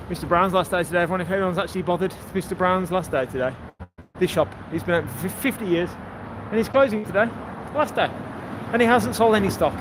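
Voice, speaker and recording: Man, walking-stream host, slightly higher voice, jokey and chatty, phone mic with street noise and cars behind. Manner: chatty, jokey, greets passersby warmly. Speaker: livestream host. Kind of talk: casual walking livestream chat. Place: outdoors on a coastal town street. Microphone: handheld phone while walking. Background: street ambience and passing vehicles.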